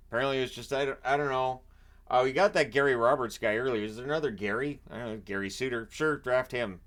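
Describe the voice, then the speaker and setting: A man's voice: medium pitch, a bit bright. A man hosting his own channel, talking through picks in a loose, rambling way with joking asides. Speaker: hockey channel host. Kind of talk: casual solo commentary. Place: home, washer running nearby.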